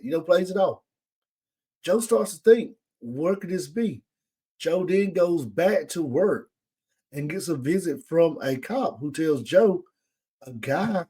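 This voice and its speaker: Animated man recapping a TV episode. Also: a little high, slightly rough. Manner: animated retelling, acts out characters' lines. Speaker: podcast host.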